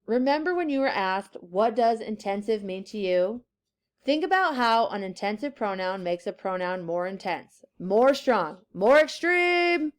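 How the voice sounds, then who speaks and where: A woman teacher giving a classroom grammar lesson, slowly stressing key words and reading example sentences aloud. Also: medium pitch, animated.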